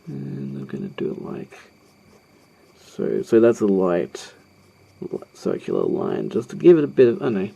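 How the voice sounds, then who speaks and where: A man's voice: fairly low pitch, huge pitch swings, moderate pace, gravelly, pauses often, dark tone, slightly rough. A man talking through a drawing tutorial as he sketches, hesitant and rambling, with many ums and self-deprecating asides. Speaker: art tutorial host. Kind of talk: narrating a live drawing tutorial.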